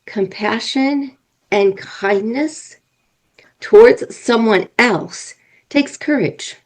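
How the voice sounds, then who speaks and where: A woman's voice: fairly high pitch, very slow, rough recording. Earnest woman coaching couples. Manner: earnest, explains with examples. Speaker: marriage and family coach. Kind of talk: podcast interview answers.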